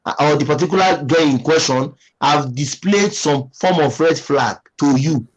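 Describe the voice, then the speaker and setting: A man with a Nigerian English accent hosts a livestream chat, talking in a slightly high voice. His delivery is preachy and emphatic, and he repeats his points as he reads viewer comments. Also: normal speed, slightly rough, low-quality recording. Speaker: livestream host.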